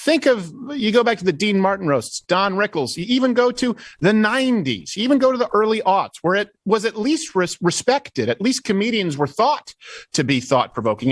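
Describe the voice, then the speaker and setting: A man who grew up in Canada talks politics as a guest, all sarcasm and quick restarts. His voice sits a bit high and moves a lot, heard dry with no room around it. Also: no echo. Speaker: guest commentator. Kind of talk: casual political chat.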